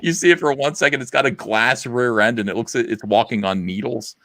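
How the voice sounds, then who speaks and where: A man's voice: mid-range voice, brisk, fairly bright tone, no room sound, studio quality. A middle-aged man hosting a casual livestream chat, rambling and blunt with lots of fillers. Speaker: livestream host.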